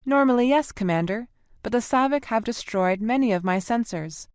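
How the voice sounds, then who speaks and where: A woman reads the part of a literal-minded ship's computer that reports in pedantic detail. Her fairly high, expressive voice moves at a moderate pace, pitched above her own natural voice yet close to an everyday one. The recording is dry and studio quality.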